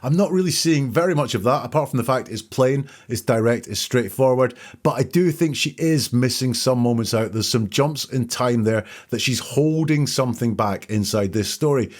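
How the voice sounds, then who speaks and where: A man hosting a podcast, calmly breaking down courtroom testimony and thinking aloud as he goes. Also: mid-range voice, normal speed, few pauses. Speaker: podcast host analyzing testimony. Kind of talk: analytical commentary.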